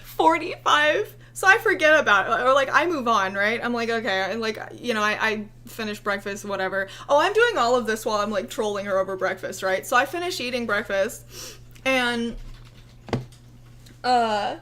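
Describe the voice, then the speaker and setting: A woman's voice: fairly high pitch, animated, moderate pace, sharp tone. Sarcastic, laughing young woman commentator. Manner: sarcastic, profane, laughing, chatty. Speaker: commentary video host. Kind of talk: casual commentary.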